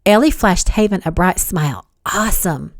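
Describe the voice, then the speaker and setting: A woman reading her novel aloud as audiobook narration, evenly and measured. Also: fairly low pitch, expressive, dry recording, clean studio sound.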